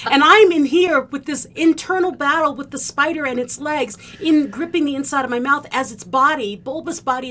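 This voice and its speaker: A woman from the Philippines, a podcast host, telling a personal story in an animated way and acting out the scenes. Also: sits high, slight background noise. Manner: vivid storyteller who acts out the scenes.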